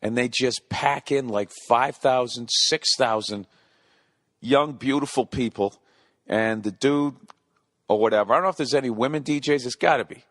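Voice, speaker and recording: A man's voice: medium pitch, moderate pace, fairly bright tone, no echo, clean studio sound. A man in his forties hosting a solo comedy podcast, ranting profanely and rambling, scolding himself back on topic. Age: 40s. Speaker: podcast host.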